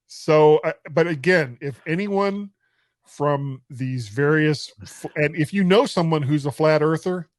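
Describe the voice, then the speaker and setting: A man's voice: on the high side, measured pace, no echo. Podcast host, middle-aged man, jokey and giggly, trips over words, dry booth sound. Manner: joking, laughs often, stumbling restarts. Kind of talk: casual chat.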